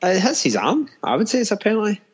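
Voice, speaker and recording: Wry man with quick jokes. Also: sits high, huge pitch swings, husky, lo-fi sound. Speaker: podcast guest. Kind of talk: casual football chat.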